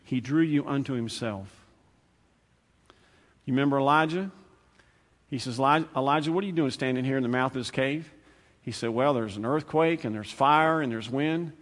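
A male preacher giving a sermon, conversational and repetitive, swinging from loud, fast bursts to hushed, slow lines. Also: mid-range voice. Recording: long hall reverb.

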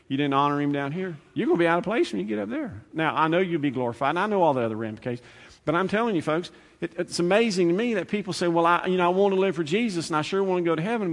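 A male preacher giving a sermon, conversational and repetitive, swinging from loud, fast bursts to hushed, slow lines. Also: a little high. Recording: long hall reverb.

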